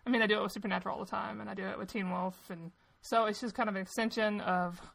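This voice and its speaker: Woman co-host, bright tone, wry offhand asides. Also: mid-range voice, fairly even intonation, racing, gravelly. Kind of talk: casual chat.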